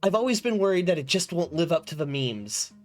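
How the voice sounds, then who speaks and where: A game streamer chats casually on a live stream while playing, very animated and fairly quick at a medium pitch. Faint music plays behind. The streamer laughs often and keeps restarting sentences.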